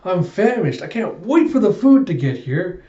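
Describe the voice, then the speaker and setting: A man's voice: a little high, animated, normal speed, dark tone, echoey room, dull audio, close to an everyday voice. A man doing a polite airy young woman.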